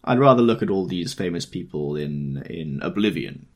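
A man's voice: sits low, expressive, moderate pace. A man voicing a blunt, scornful wealthy man in an offhand manner.

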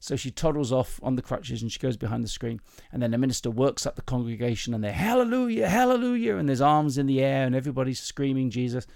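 A man's voice: medium pitch, fairly even intonation, fast, vocal fry, hardly any pauses, a little mellow, no echo. Chatty man, dry close sound. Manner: chatty, rambling, laughs often. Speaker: podcast host. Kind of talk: casual chat, joke telling.

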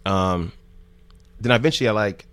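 A man from New Jersey talks as a podcast guest, spinning a loose, rambling story. He is heavy on "like" and swears freely. His voice sits low, and it is recorded dry and close with no room sound. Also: normal speed, fairly bright tone, smooth, no room sound. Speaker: podcast guest, news show host. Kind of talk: casual storytelling.

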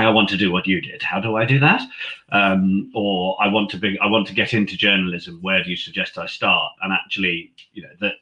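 A man's voice: low voice, pushed and bright, highs cut off. A man, a rugby commentator telling stories in a chatty way, full of fillers and restarts. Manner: chatty, many fillers and restarts, acts out quoted lines. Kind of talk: conversational storytelling.

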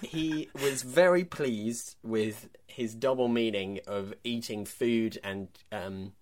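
A man's voice: medium pitch, slow, a little hiss or hum. A man co-hosting a casual film podcast, wry and laughing often. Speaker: podcast co-host.

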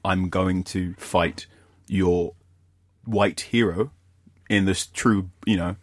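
A man's voice: deep voice, fairly even intonation, takes it slowly, no room sound. A man co-hosting a podcast, telling stories in casual chat and laughing easily. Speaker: podcast co-host. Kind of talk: casual wrestling review chat.

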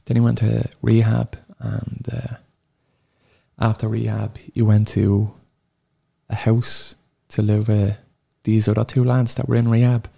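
An Irish man in his thirties with a low, gravelly voice and a dark, mellow tone. He tells a painful personal story as a podcast guest, halting often and swearing freely as the sorrow catches up with him. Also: level tone. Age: 30s.

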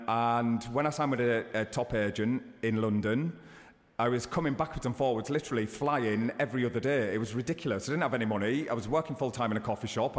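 Guy chatting in an interview, storytelling, jumps up high when excited, long reverb room. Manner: chatty, animated storytelling with sudden high bursts. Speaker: interview guest. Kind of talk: casual interview chat.

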